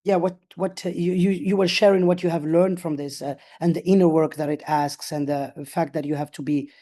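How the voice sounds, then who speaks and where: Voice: mid-range voice, steady tone, fairly quick, mellow. A host on a video call, asking long questions hesitantly with many fillers. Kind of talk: casual video-call interview.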